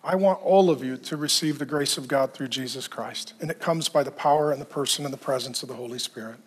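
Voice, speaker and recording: A man preaching a sermon, telling a story with earnest emotion and dropping soft at the key moments. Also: medium pitch, fast talker, slightly rough. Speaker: pastor.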